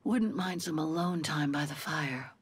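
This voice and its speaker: A woman voicing a guarded young game heroine who murmurs her thoughts quietly to herself. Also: unhurried, no echo. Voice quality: husky, low and dry. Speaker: game protagonist.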